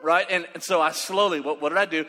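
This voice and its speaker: Man, preacher, bright forceful voice, animated storytelling, echoing hall. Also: fairly high pitch, fast. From West Texas. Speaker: pastor. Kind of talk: sermon with storytelling. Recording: reverberant hall.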